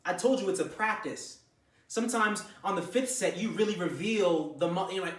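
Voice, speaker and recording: A man's voice: high voice, animated, normal speed, bright, forceful tone. A man ranting to camera with blunt, profane gym advice, lecturing the listener. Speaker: vlogger giving gym advice. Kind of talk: unscripted talking-to-camera rant. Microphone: camera mic. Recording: echoey room, far from mic.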